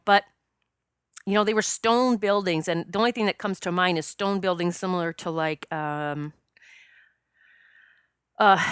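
A woman's voice: lowish voice, a bit bright, clear, resonant tone, no echo, clean studio sound. A woman who works as a past life regression specialist, telling a personal story in an earnest, emotional way with many fillers and restarts, choking up at times. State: choked up at times.

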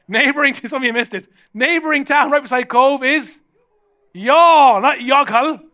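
Irish male pastor, middle-aged, lively humorous preacher with a high-set voice. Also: moderate pace, long pauses. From Ireland. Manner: humorous, energetic preaching with jokes and rising shouts. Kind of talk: sermon.

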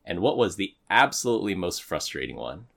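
Male podcast host, low voice, upbeat, laughs often, casual. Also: big pitch swings, a little fast, vocal fry, a bit bright. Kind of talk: casual conversation.

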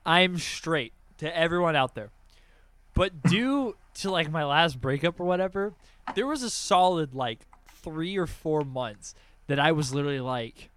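A man's voice: fairly high pitch, lively intonation, a little slow, fairly bright tone, clear, resonant tone. A young man co-hosting a podcast, rambling and swearing loosely in casual chat. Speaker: podcast co-host.

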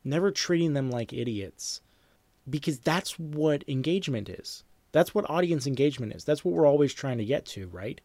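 Reading anecdotes aloud in a lecture, this male screenwriting teacher is a lively storyteller who voices sound effects and says things more than once. He speaks at a middle pitch and a moderate pace in a dry room with no room sound.

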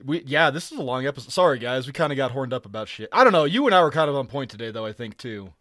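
A man co-hosting a casual podcast, rambling excitedly with lots of swearing and laughs. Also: mid-range voice, rapid-fire, no room sound, clean studio sound. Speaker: podcast co-host.

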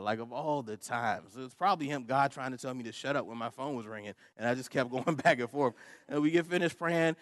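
A man's voice: medium pitch, no echo, clean studio sound. Laughing, storytelling male preacher. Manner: conversational, humorous, laughs often. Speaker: pastor. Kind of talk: sermon with personal storytelling.

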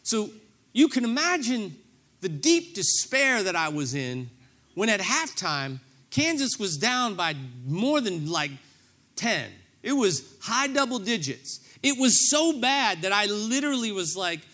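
A man's voice: sits high, sing-song, unhurried, bright, forceful tone. A middle-aged man preaching a sermon, telling a story with self-deprecating humor and acting out his own reactions. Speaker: pastor.

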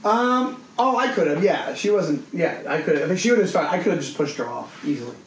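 Man, podcast co-host, animated storyteller, acts out voices, echoey room, faint hiss. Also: a little high, normal speed. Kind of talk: casual storytelling chat.

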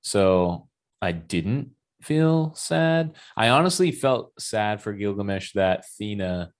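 A man with a fairly low voice, talking through a movie in casual chat. He keeps it easygoing and drops in jokes as he goes. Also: very animated, slow.

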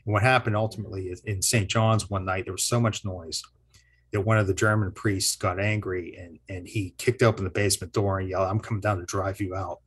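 A man, a historian and teacher, telling local history in a relaxed interview, rambling and correcting himself with frequent chuckles. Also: sits low, a little fast, breathy edge. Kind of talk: casual interview storytelling.

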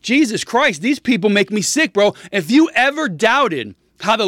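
A man's voice: sits high, sing-song, normal speed, few pauses, a bit bright, no echo, studio quality. A man hosting a podcast, delivering a heated, profane political rant. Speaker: podcast host.

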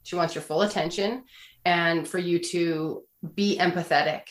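Low-voiced woman counselor in an echoey room. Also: fairly even intonation, unhurried. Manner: earnest and explanatory, acts out quoted phrases. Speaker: guest counselor giving relationship advice. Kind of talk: casual podcast conversation. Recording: roomy echo.

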